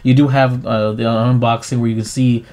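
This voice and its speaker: A man hosting a podcast in casual chat, laid-back and filling pauses with ums and uhs. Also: medium pitch, little pitch movement, darkish tone. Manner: laid-back, many fillers. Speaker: podcast host and producer.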